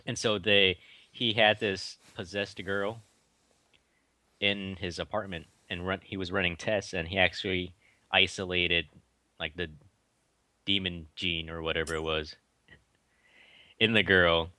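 A young man chatting loosely on a podcast, rambling through movie trivia with plenty of "like" and "um." His voice sits a little low but sounds bright and forward. The recording is dry and close. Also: little pitch movement, measured pace, long pauses, no room sound. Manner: rambling, retells movie trivia with many fillers. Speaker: podcast co-host. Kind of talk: casual chat.

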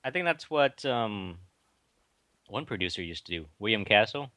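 Rambling young man, bright voice. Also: on the low side, expressive, normal speed, dry recording. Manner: rambling, retells movie trivia with many fillers. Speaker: podcast co-host. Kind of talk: casual chat.

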